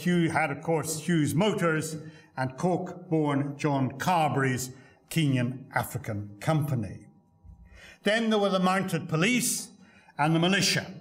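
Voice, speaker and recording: An older male professor delivers a keynote lecture in a hall, his voice sitting a little higher than most men's. He tells stories with dry humour and stumbles over small fillers and repeated words as he goes. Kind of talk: academic lecture with anecdotes.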